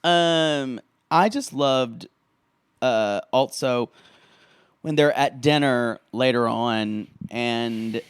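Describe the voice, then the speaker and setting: A man co-hosting a podcast, telling show moments in an animated, raunchy way and laughing often. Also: mid-range voice, drawn-out words, clear, resonant tone, no room sound, studio quality. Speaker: podcast co-host. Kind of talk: casual comedic recap chat.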